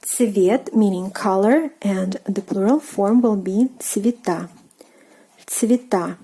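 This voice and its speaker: Russian-accented female teacher, slow and patient, warm mellow tone, hesitant fillers. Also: medium pitch, breathy edge. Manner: patient, hesitant, many fillers, repeats each word slowly. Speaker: language teacher. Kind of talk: slow, careful language lesson.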